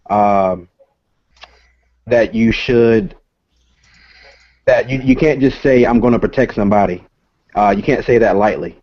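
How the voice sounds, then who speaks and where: A man talks over a video call as a comic creator and guest, explaining in a casual, halting way with plenty of filler sounds. His voice sits low. The call audio is dull and lo-fi, with a dry, close sound. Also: dry recording.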